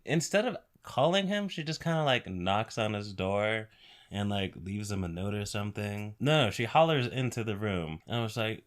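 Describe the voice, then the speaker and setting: A man's voice: lowish voice, normal speed. A man giving a casual, rambling voice-over recap of a movie, full of fillers and quoted lines. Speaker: reviewer. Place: home, over a speedpaint video.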